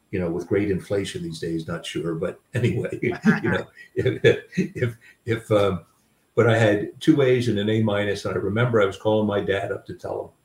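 With a fairly low pitch and darkish tone, an older man who is a guest author reflects on personal stories conversationally, using many fillers. The mic is distant and the room sound is noticeable.

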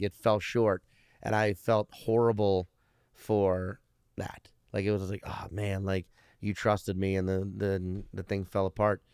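A man's voice: on the low side, smooth, no room sound, clean studio sound. A man in his thirties, a stand-up comedian, telling stories in casual talk with lots of swearing and restarts. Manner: profane, rambling, restarts often. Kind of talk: casual podcast storytelling.

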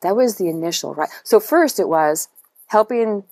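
A middle-aged woman, a guest who teaches writing to veterans, speaking in a halting, searching way with many repeats and restarts. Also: medium pitch, lively intonation, a little mellow, no echo. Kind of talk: emotional personal interview.

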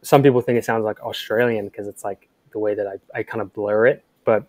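A young man from England with a mixed English and American accent, a soft-spoken, laid-back podcast guest. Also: lowish voice, steady tone, a little fast, dry recording. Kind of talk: casual interview chat.

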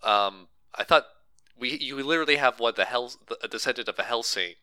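A man's voice: medium pitch, fairly quick, bright, forceful tone, clear, resonant tone, no room sound. A man co-hosting a casual movie podcast, riffing sarcastically and rambling with a lot of swearing. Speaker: podcast co-host.

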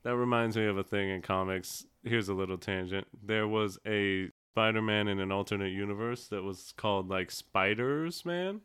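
A man's voice: on the low side, little pitch movement, moderate pace, few pauses, fairly bright tone, smooth. A man in his thirties co-hosting a podcast in casual, joking chat. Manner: playful, jokey, puts on silly voices. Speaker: podcast co-host.

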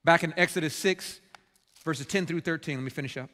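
A male pastor preaching a sermon, impassioned and swinging between loud outbursts and hushed, quiet passages. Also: on the high side, a little fast, in a large hall.

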